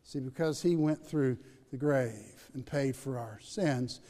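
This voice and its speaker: A man preaching a sermon in a church, rising to loud emphatic peaks and dropping to hushed asides. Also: mid-range voice, slow pace, in a large hall. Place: church building during a worship service.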